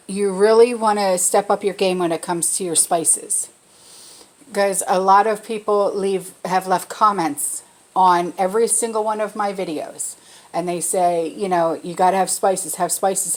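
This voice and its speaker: Chatty woman with lots of "okay?". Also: on the low side. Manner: chatty, keeps checking in with "okay?". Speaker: vlogger. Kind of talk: casual pantry tour vlog. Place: home kitchen, cooking while talking.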